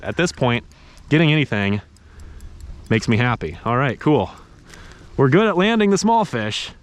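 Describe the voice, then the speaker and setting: A young man narrating his fishing trip outdoors on a river, tired from paddling, bursting into excited exclamations and talking to the fish. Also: on the low side. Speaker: fishing vlogger. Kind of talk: casual narration while fishing. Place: outdoors on a river, in a kayak and wading.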